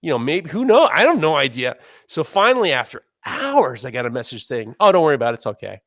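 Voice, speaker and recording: A man in his forties telling a self-mocking story in casual chat, animated and swearing as he talks. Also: medium pitch, quick pace, no echo, clean studio sound. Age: 40s. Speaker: podcast host.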